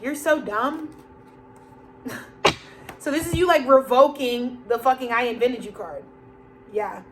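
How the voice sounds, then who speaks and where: A woman's voice: fairly high pitch, fairly bright tone, a little hiss or hum, poor audio. A woman giving a rambling, profane spoken tarot reading, laughing often and acting out the people she quotes. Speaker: tarot reader.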